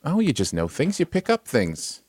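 A man's voice: a little high, normal speed, slightly rough, no echo, studio quality. A man co-hosting a casual livestream chat, playful and teasing his co-host. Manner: playful, teasing, animated intonation. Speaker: podcast co-host.

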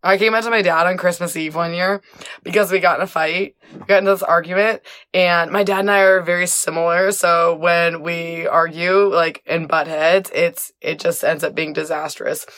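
Woman, late twenties, from the US southwest; slightly low voice; candid, chatty storyteller who swears freely. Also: normal speed. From southwestern United States. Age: 20s. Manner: candid, animated, with frequent fillers and playful swearing. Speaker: guest. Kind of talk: casual storytelling interview.

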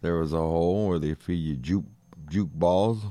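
A man's voice: deep voice, moderate pace, mellow, dry recording. A man co-hosting a podcast, chatting in a laid-back, blunt way with casual swearing. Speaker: podcast co-host. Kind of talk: casual chat.

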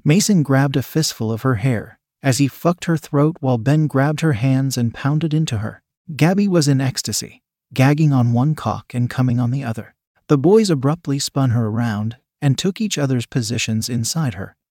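A man's voice: medium pitch, normal speed, mellow, no room sound, clean studio sound. Man narrating an adult story.

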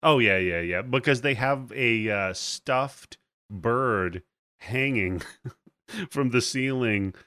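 A man hosting a podcast, casually retelling a movie plot in an animated way and swearing freely. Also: medium pitch, slow, no room sound. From United States. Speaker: podcast host. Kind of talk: casual movie-review chat.

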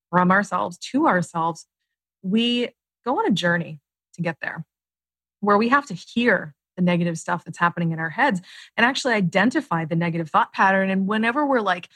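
A woman near forty speaks in an even middle register, explaining her ideas as a podcast guest. She acts out the voices in people's heads with lively turns. The sound is dry and close, with no room around it. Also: medium pitch, no echo. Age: late 30s. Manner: animated, acts out inner voices. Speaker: guest author and coach.

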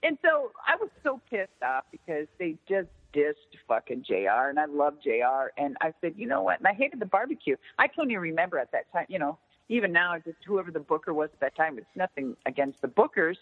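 A woman's voice: low voice, brisk, few pauses, slightly rough. A middle-aged woman, a former wrestler, telling stories in a casual interview, swearing freely and acting out what others said. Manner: animated, swears freely, acts out quoted dialogue. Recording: tinny phone-like line with long reverb.

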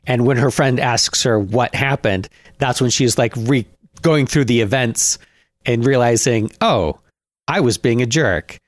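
A man co-hosting a casual comedy podcast, wry and quick with story ideas, often restarting his sentences. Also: mid-range voice, no room sound, studio quality. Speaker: podcast co-host.

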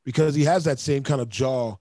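A man's voice: mid-range voice, a little fast, warm tone, dry recording. A man co-hosting a casual movie podcast, laid-back and swearing freely as he acts out lines from films. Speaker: podcast co-host.

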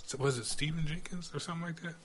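A man's voice: fairly high pitch, fairly even intonation, rapid-fire, crowd noise. A man hosting a podcast in casual chat, enthusiastic and slangy. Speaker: podcast host.

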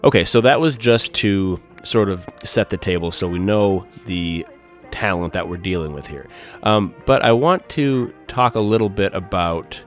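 A man hosting a solo music podcast, talking enthusiastically and in superlatives. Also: low voice. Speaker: podcast host.

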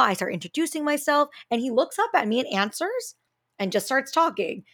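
A woman co-hosting a podcast who tells a story in a quick, animated way, acting out quotes and using plenty of fillers. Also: fairly high pitch, no room sound, clean studio sound. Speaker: podcast co-host and speech therapy grad student.

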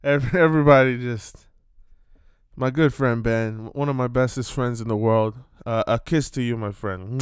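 Man, vlogger rant, smooth clear voice, dry close sound, loud outbursts. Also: mid-range voice, moderate pace, no echo. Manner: animated, swearing, jumps between topics with loud outbursts. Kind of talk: casual ranting commentary.

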